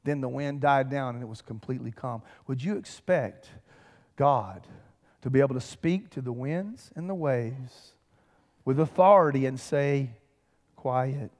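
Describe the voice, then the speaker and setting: A man's voice: medium pitch, expressive, normal speed, darkish tone. A man preaching a sermon as pastor, swelling with emphasis and calling out to the congregation. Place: large church sanctuary. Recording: long reverb of a big hall.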